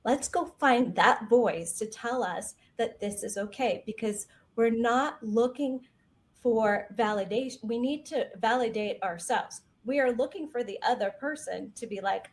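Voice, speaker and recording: A woman's voice: on the high side, unhurried. A woman guest speaking earnestly as a practitioner, repeating her points and acting out the inner voices people hear. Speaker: guest, healing arts practitioner. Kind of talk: reflective coaching talk.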